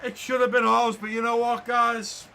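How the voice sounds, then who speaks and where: A man playing a football video game and commentating on it for his viewers, excitable and quick to shout at the play. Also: very high voice, vocal fry. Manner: talks to viewers as guys and lads. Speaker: gaming YouTuber.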